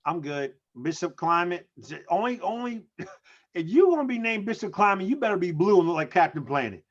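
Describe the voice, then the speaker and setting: A man with a fairly high voice riffs through a casual comedy chat, incredulous and playful. The sound is muffled and lo-fi. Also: brisk. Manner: animated, incredulous, joking. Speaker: co-host. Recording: muffled lo-fi audio.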